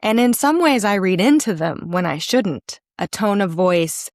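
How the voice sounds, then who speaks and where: A woman co-hosting a casual conversation, telling stories with animated, acted-out quotes. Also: lowish voice, normal speed, hardly any pauses, dry recording, clean studio sound. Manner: animated storyteller, acts out quoted voices. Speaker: podcast co-host.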